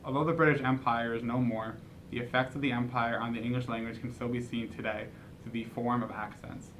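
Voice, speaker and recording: A man's voice: mid-range voice, little pitch movement, fairly quick, noisy background. A man narrating a school project in a plain, earnest read-aloud manner, with small restarts. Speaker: student presenter.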